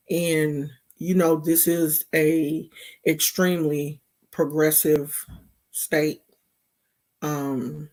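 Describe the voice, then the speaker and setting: A woman's voice: low voice, a little mellow. A woman from California giving casual gossip commentary in a slangy, mocking, rambling way. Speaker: vlogger.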